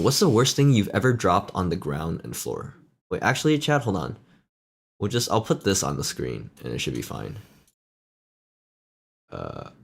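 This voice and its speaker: A man's voice: low-pitched, creaky, breathy edge. A man streaming a casual chat, self-mocking and laughing often between sentences.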